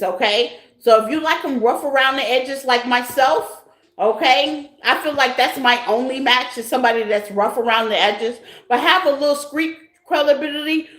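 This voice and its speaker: A woman's voice: high voice, a bit bright, echoey room. A woman giving a casual tarot reading to her viewers, frank and profane, laughing often and tagging lines with "okay?". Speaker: tarot reader.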